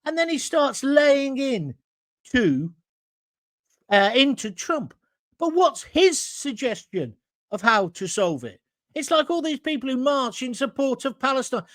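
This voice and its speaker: A man's voice: very high voice, big pitch swings, measured pace, a bit bright, dry recording. A middle-aged man hosting a talk show, giving blunt, combative opinions and reading out viewer comments.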